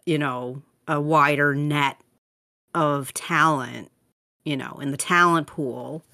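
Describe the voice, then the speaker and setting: Deep-voiced woman musing hesitantly. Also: fairly even intonation, slow, sharp tone, no echo, studio quality. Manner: hesitant, full of fillers, reflective. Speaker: podcast co-host. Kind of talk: casual chat.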